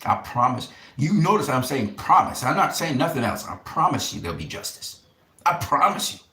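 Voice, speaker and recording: Male boxing channel host, impassioned to-camera rant, repetitive vows, swings into harsh whispers, lively pitch. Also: moderate pace, echoey room. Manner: fervent, emphatic, repeats vows, drops to harsh whispers.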